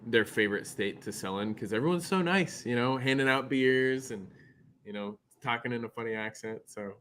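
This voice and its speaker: A man's voice: mid-range voice, moderate pace, a bit bright, a little hiss or hum. A man from Nebraska hosting a podcast, chatting casually over a remote call in an upbeat, friendly way and asking chatty questions. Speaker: podcast host. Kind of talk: casual interview chat.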